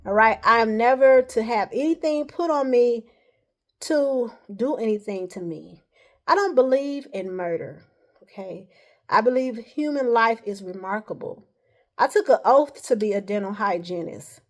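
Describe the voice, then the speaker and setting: Woman, vlogger, casual monologue to camera, rambling, insistent, slightly high voice. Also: expressive, measured pace. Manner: rambling, repeats "all right" often.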